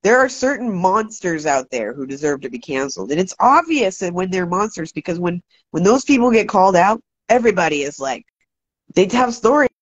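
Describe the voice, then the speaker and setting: A woman hosting a casual livestream, talking fast and loose, swearing freely and ranting, shouting out viewers. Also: fairly low pitch, slightly rough, no echo. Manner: profane, animated, ranting. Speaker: livestream host. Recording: dry, dull lo-fi sound.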